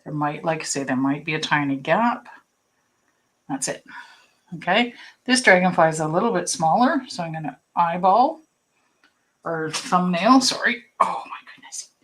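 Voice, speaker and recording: Low-voiced, chatty woman teaching painting. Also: expressive, moderate pace, pauses often, a bit bright, low-quality recording. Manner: chatty and rambling, with many fillers and asides; reassuring, encouraging. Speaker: painting instructor. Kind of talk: casual live-stream painting lesson.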